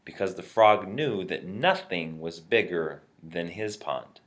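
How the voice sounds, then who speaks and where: A man's voice: deep voice, measured pace, few pauses. A man giving a short, upbeat motivational talk, telling a fable in a friendly storytelling way. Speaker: motivational speaker.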